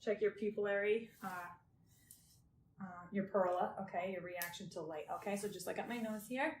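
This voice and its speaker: A woman in a clinical exam room calmly explains each check as she performs it, gently asking for agreement along the way. Her voice sits at an ordinary middle pitch. The recording sounds roomy, with a faint noise underneath. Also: normal speed. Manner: gentle, reassuring, often checks in with "okay?". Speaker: examiner doing a health assessment. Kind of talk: step-by-step clinical exam instructions.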